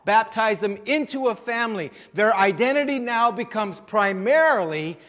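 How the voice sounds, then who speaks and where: A man from French Canada preaches a sermon in a high, bright voice. He hits key phrases loudly and then drops to a low, quiet tone, and his words carry a long reverb through a church hall. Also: animated, moderate pace. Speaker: pastor.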